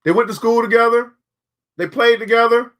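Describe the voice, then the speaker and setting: A man's voice: very high-pitched, steady tone, normal speed, a bit bright. A man hosting a show, giving motivational commentary between book readings, preachy and repeating key phrases for emphasis. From United States. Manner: colloquial, addresses listeners directly. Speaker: show host.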